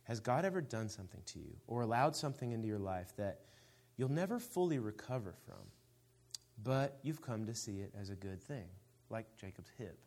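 A man with a somewhat low voice runs a casual panel discussion. He retells a story loosely, full of "you know" and "um." Then he lands plainly on the question he wants answered. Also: fairly quick. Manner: relaxed, chatty retelling with filler words. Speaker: panel moderator.

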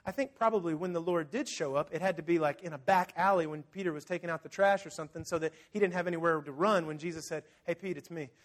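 With a fairly high pitch, a quick pace, and hardly any pauses, a man preaches as pastor. His storytelling is lively, with scenes acted out and remarks aimed right at the congregation.

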